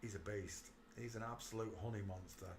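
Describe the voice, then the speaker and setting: A man's voice: lowish voice, steady tone, brisk, slight background noise. A man hosting his channel, giving mocking commentary over photos and calling out to the viewer. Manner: jeering, talks to the viewer, breaks into laughter. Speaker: channel host.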